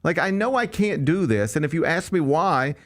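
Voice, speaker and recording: A man's voice: a little high, moderate pace. A middle-aged man hosting a sports show, telling self-deprecating stories in casual chat. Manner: animated, self-deprecating storytelling.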